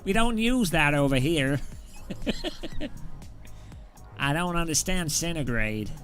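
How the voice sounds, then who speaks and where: A man's voice: a little high, lively intonation, takes it slowly, a bit bright, faint music behind. A man doing a put-on American accent, voicing a goofy, overeager American tourist in a drawling, exaggerated way. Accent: mock American.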